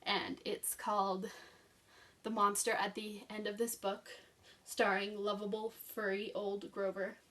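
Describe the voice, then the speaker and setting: Speaking a little slowly with little pitch movement, a book vlogger with a medium-pitched, fairly bright voice reminisces about her favorite childhood books. The recording sounds distant, and her casual review is rambling, eager and filler-heavy.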